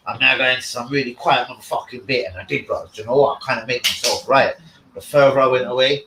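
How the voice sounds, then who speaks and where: Over a noisy background in an echoey room, a livestream host chats casually, rambling along with plenty of slang and profanity. His voice sits in the mid range.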